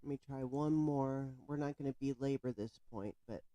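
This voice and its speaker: A woman's voice: a bass voice, normal speed, dark tone, no echo. A woman giving indignant, emphatic commentary on a news story, speaking straight to the viewer. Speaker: political commentator.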